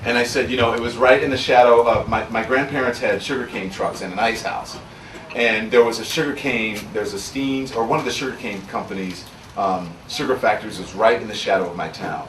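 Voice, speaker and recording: At a book signing, a Louisiana author gives a candid personal talk, recounting his story earnestly and reflectively. He speaks fairly quickly in a mid-range, fairly bright voice, with the sound coming from far off: roomy, faintly ambient, with a little hiss or hum.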